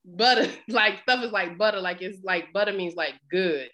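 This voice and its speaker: Woman, from New York, bright tone, candid, slangy, casual co-host chat. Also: medium pitch, moderate pace. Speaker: podcast co-host.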